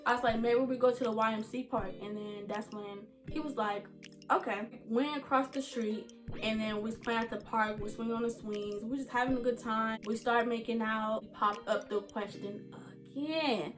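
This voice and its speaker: Young woman, high-pitched, casual storytime vlog, talks to viewers directly. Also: steady tone, moderate pace, over music. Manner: chatty, addresses viewers as y'all and you guys. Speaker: vlogger.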